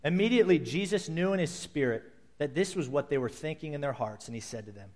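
A man's voice: a little high, animated, fast talker, a little mellow. A man, a pastor, preaching a sermon to his congregation in a conversational way, acting out quotes as he goes.

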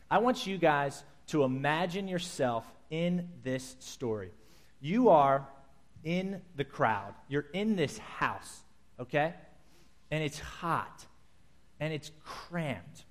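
A man preaching a sermon, telling a scripture story in vivid, animated detail and acting out its scenes. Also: a little high.

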